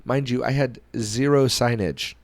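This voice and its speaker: A male podcast host telling a story in a casual, animated way, acting out the people in it. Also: mid-range voice, measured pace, no echo. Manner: animated storyteller who acts out quoted dialogue.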